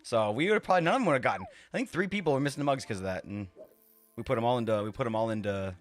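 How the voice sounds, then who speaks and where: Lively rambling man streaming a game. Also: mid-range voice, rapid-fire, faint music behind. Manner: rambling, laughs often, swears freely. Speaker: live streamer. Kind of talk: casual live-stream chat while playing.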